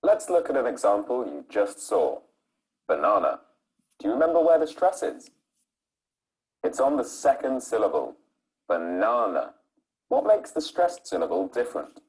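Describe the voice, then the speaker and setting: A man's voice: mid-range voice, wildly swooping pitch, normal speed, darkish tone, rough recording. A man teaching English pronunciation, stretching out syllables to show the stress. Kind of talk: scripted lesson narration.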